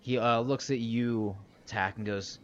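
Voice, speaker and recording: A man's voice: mid-range voice, steady tone, unhurried, dull audio, a little hiss or hum. A man narrating a tabletop game as game master, casual and joking with his players. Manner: casual, swearing, laughing with players.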